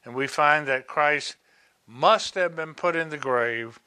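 A man preaching a sermon, reading Bible verses and explaining them with slow, deliberate asides. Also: a little high, bright, forceful tone, smooth.

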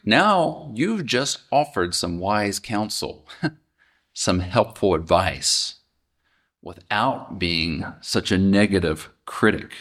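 A man's voice: on the low side, lively intonation, takes it slowly, fairly bright tone. A man teaching from the Bible in a casual, conversational way, often asking his listeners questions. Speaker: preacher.

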